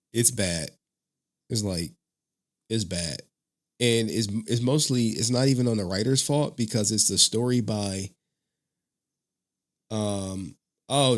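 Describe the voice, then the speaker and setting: Low-voiced rambling man streaming live. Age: adult father of a young child. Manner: rambling, laughs often, talks to chat. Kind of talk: casual live stream chat.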